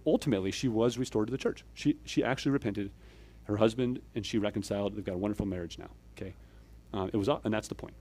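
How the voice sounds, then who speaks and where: A man, a church elder, preaching a conversational sermon. He explains step by step, keeps checking in with "okay?" and "right?", and moves between louder emphatic pushes and quiet asides. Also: fairly low pitch.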